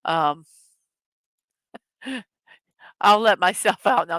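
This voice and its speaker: A woman's voice: mid-range voice, expressive, a little slow, sharp tone, no room sound, rough recording. Giggly chatty woman hosting a live stream. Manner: chatty, giggly, with many fillers. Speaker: livestream host. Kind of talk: casual live chat reading viewer comments.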